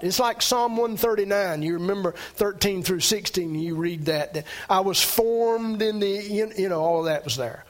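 High-voiced man preaching conversationally. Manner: conversational preaching, rising pitch on emphasis, frequent restarts. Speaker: pastor. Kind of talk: sermon.

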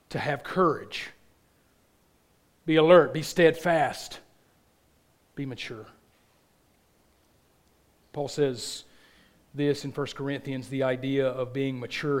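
Earnest man preaching a sermon. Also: medium pitch. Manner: earnest, repeats phrases for emphasis, drops soft at line ends. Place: church.

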